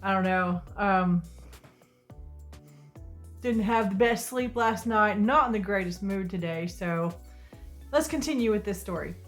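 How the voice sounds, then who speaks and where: A woman's voice: mid-range voice, measured pace, pauses often, faint music behind. A woman telling a storytime vlog from her sister's couch, talking casually with exasperated, sarcastic asides. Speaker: vlogger. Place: sister's living room couch.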